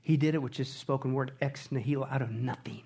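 A middle-aged male pastor preaching a sermon, animated and often shouting on his high points. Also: quick pace, gravelly, husky.

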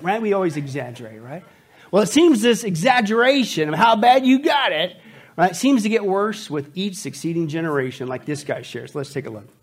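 A man's voice: high voice, animated, fairly quick, slightly rough. A man preaching a sermon in a folksy, playful way, often asking the congregation questions. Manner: folksy, playful, asks the audience. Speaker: pastor.

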